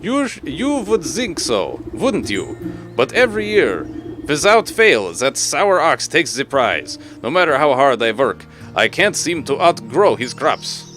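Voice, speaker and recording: A man's voice: medium pitch, very animated, a little slow, over music. A man voicing a bitter talking gourd farmer with a thick, theatrical vampire-like accent full of heavy V's and Z's. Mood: grumbling.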